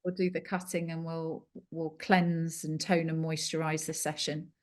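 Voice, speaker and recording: A woman being interviewed as a clairvoyant guest over a video call, talking in a chatty, animated storytelling way. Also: sits low, normal speed. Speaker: clairvoyant and angel card reader guest.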